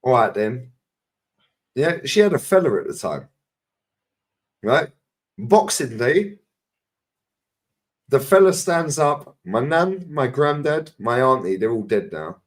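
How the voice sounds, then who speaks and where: Casting: London man, mid-pitched, blunt and sweary, podcast storyteller. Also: big pitch swings, takes it slowly, pauses often. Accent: London English. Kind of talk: casual chat.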